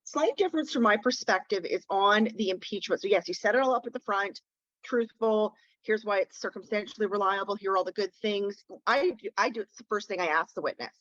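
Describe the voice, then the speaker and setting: A woman's voice: medium pitch, a little fast, a bit bright, dry recording. A woman defence lawyer teaching in a webinar, talking in a direct, conversational way and leaning on key words, heard through a phone. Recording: dull lo-fi phone audio.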